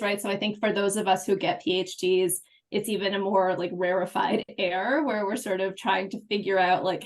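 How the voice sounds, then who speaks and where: A middle-aged woman, a professor on a webinar panel, speaking earnestly and conversationally over a video call. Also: mid-range voice.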